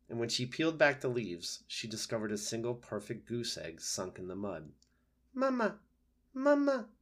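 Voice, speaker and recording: Low-voiced man reading a storybook. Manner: steady, gentle storytelling. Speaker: narrator. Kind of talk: reading a children's book aloud.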